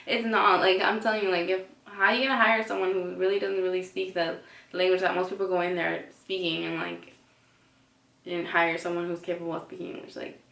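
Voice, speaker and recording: Gravelly woman ranting in an echoey room. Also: lowish voice, fairly bright tone, distant mic. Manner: chatty, heavy use of "like", blunt and indignant. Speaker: vlogger. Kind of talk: casual ranting to camera.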